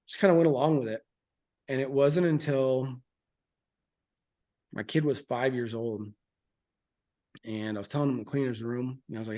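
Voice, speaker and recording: On a podcast, a man in his thirties who served in the military shares frank, earnest stories in an interview. His voice is mid-range, at a normal speed. His speech is loose, with fillers and restarts.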